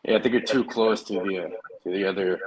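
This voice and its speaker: Laid-back profane man, low voice. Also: fairly even intonation, fast talker, background noise. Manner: loose, profane, laughs a lot. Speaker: show host. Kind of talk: casual online video call chat.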